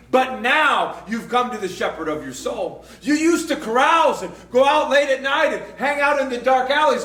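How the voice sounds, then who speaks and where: A man preaching a sermon as pastor, telling a story with lively acted-out voices and laughter. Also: very high voice, reverberant, far from the mic. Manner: storytelling, acts out quoted voices, laughing and shouting at punchlines. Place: church.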